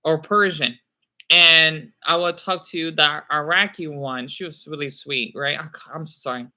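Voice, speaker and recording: A man's voice: on the high side, fairly even intonation, moderate pace, bright, forceful tone. A young man chatting to viewers on a livestream, rambling and apologetic, with many halts and fillers. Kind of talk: rambling live chat with viewers.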